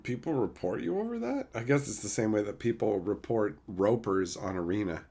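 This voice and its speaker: Male streamer, playful roaster of chat, very lively pitch swings. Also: brisk. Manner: animated, mock-teasing, playful roasting of chatters. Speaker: streamer reading live chat. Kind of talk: casual livestream chat.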